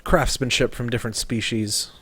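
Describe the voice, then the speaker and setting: A man's voice: medium pitch, fairly even intonation, sharp tone, slightly rough, no room sound. Hesitant man running a tabletop game. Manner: hesitant, halting with many fillers. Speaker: game master.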